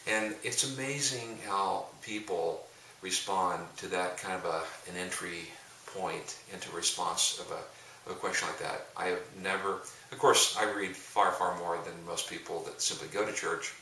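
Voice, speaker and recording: A man's voice: deep voice, fairly even intonation, moderate pace, hardly any pauses, pushed and bright. A middle-aged man, a pastor and coach, telling rambling, jokey stories in casual talk with frequent restarts. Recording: roomy echo, distant mic, faint hiss.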